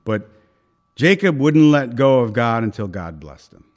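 A man's voice: mid-range voice, sing-song, unhurried. A male pastor preaching a sermon at an evening church service, emphatic and repeating key phrases, with occasional chuckles.

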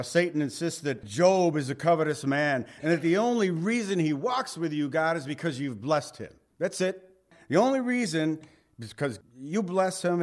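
A man preaching a sermon in a conversational way, reading scripture aloud and slipping in folksy asides and jokes. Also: a little high. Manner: reads scripture aloud in King James wording. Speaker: pastor.

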